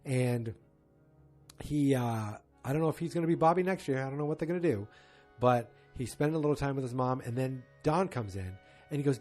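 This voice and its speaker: Male podcast host, mid-pitched and husky, chatty rambling recap style, faint music bed. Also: animated, a little fast, a little mellow. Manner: rambling, chatty retelling with quoted lines. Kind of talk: casual episode recap.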